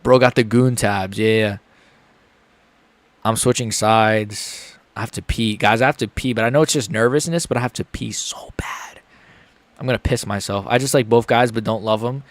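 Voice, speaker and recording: A nervous young man on a live stream reacting to a fight, rambling to chat, muttering low and then yelping high. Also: steady tone, normal speed, no echo.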